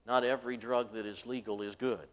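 A man's voice: medium pitch, level tone, a little fast. A man preaching a sermon from the pulpit, telling a story and acting out its voices with rising force. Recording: long hall reverb.

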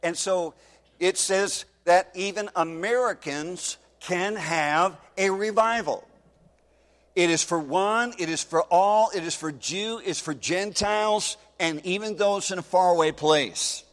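A man's voice: high voice, a little slow, fairly bright tone, big-room sound. A man preaching a sermon, reading scripture aloud and pressing his points with emphasis. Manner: emphatic, reads scripture aloud in King James wording.

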